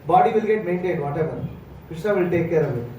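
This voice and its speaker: South Indian man, high mellow voice, temple lecturer; roomy distant mic, faint hum. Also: expressive, quick pace. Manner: storytelling, acts out dialogue, many fillers. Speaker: monk lecturer. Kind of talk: morning lecture. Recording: echoey hall, far from mic, faint hum.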